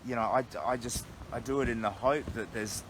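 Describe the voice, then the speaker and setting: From his camp on a stormy night during a long walk, a middle-aged Australian man talks briskly in a mid-range voice to followers on a phone livestream. His talk is casual, reflective and earnest, with a noisy background behind him.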